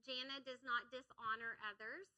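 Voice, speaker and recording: A middle-aged woman pastor delivers a sermon from a church sanctuary. Her voice sits high and rings very bright. She talks with energy and keeps drawing the congregation into call-and-response. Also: steady tone, normal speed, poor audio.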